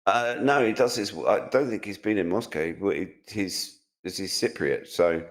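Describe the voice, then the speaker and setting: Opinionated low-voiced British man. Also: unhurried. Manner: opinionated, mocking, rambling with restarts. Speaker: co-host, tech commentator. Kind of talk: casual chat.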